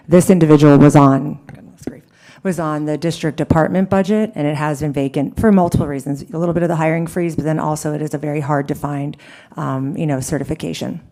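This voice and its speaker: A woman's voice: sits low, mellow. A woman on the district staff explaining a staffing question at a board meeting, hesitant and full of fillers.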